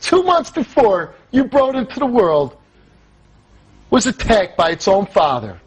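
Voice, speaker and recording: A man's voice: high voice, wildly swooping pitch, unhurried, breathy edge, dry recording, low-quality recording. Angry, accusing talk show host man. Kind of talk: confrontational talk show hosting.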